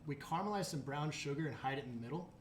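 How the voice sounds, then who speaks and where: A man who makes chocolate, chatting in an interview, relaxed and joking, with many fillers and restarts. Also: a little high, very fast. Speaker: chocolate maker. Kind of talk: casual interview. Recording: echoey room with faint noise.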